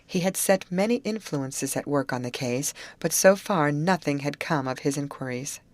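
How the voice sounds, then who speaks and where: A woman narrating an audiobook aloud, voicing the characters' lines with higher pitch. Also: moderate pace, dry recording. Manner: lively reading, raises pitch for the girls' lines. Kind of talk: scripted narration.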